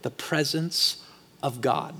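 A man's voice: mid-range voice, slow, breathy edge. Man preaching in a reverberant hall. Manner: conversational preaching, swings from quiet asides to loud emphatic peaks. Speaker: pastor. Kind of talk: sermon.

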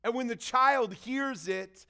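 A high-voiced man preaches to his congregation. He tells a story with lively, animated delivery and drops low and quiet for asides. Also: slow pace. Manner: animated storytelling, shouting quoted lines. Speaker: pastor. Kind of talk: sermon.

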